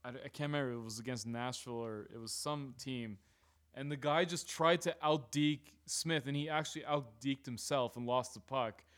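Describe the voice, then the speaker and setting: A man co-hosting a casual sports podcast, animated, swearing freely and laughing often. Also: mid-range voice, moderate pace. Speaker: podcast co-host.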